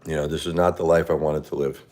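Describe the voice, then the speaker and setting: A middle-aged man hosting a livestream, talking unscripted in a quiet, halting way and often repeating himself. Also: very deep voice, level tone. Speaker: livestream host. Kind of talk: unscripted personal monologue.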